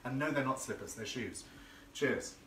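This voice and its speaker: A man's voice: medium pitch, animated, moderate pace, fairly bright tone, echoey room, recorded from a distance, slight background noise. A man hosting a live cooking stream from his home kitchen, chatty and effusive, reading out viewer comments as he works. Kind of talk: casual live cooking demo. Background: clinking cutlery and dishes.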